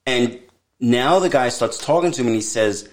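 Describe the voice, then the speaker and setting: A middle-aged man co-hosting a podcast, telling a ghost story with an animated, swooping delivery. He chats casually and drops into quick put-on voices for the people in the tale. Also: mid-range voice. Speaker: podcast co-host. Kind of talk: casual chat.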